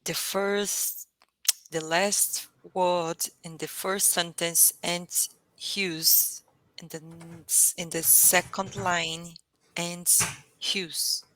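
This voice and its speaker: A woman learning English over a video call, speaking carefully and haltingly, repeating words to practise them. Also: on the low side, little pitch movement, a bit bright, no room sound, low-quality recording. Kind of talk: casual online lesson.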